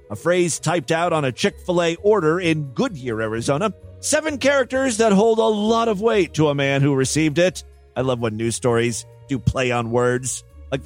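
Brief: high, animated male commentator, sarcastic and profane, faint music underneath. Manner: sarcastic, profane, mocking asides. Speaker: comedic news commentator. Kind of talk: reading and mocking news stories.

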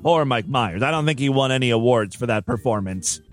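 Over music, a male comedy podcast host with a mid-range voice talks in an animated, fairly quick way. His comic news commentary has him reading weird news stories and tossing in wisecracks and mock outrage.

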